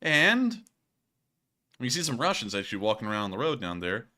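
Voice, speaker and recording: Man, host, casual commentary over footage, jokey, rambling, lively pitch. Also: moderate pace. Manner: jokey, rambling, laughs at himself. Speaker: war news commentator.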